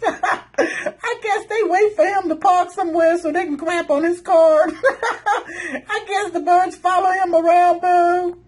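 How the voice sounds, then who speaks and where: A woman's voice: very high voice, fairly even intonation, slow pace, poor audio. A woman hosting a casual commentary, reading from a self-help book and calling her listener honey and boo in a sassy manner, laughing often. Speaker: channel host.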